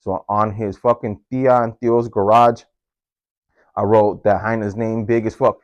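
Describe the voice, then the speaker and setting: A man telling a story from his own life in a casual, slangy, profane way, leaping up in pitch whenever he quotes someone. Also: level tone, normal speed, no room sound, muffled recording. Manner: slangy and profane, jumps into high-pitched voices when quoting. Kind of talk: casual first-person storytelling.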